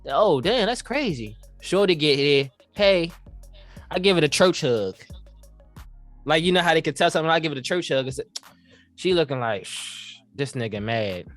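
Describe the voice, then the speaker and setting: A man's voice: on the high side, lively intonation, normal speed, long pauses, fairly bright tone, no room sound, faint music behind. A young man on a podcast, telling a story in casual slang and acting out the quoted lines as he goes. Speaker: podcast co-host.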